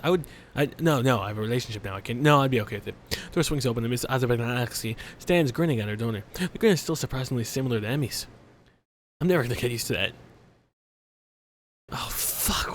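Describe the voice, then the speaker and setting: A man's voice: medium pitch, quick pace. Young guy narrating a let's play, loose and joking, music bed. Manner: rambling, joking, profane. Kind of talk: game commentary and reading aloud. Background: game music.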